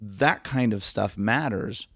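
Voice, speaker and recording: A man's voice: fairly low pitch, slow, a bit bright, no echo, clean studio sound. A man talking as a guest photographer in a casual podcast conversation, emphatic and acting out the reactions he quotes.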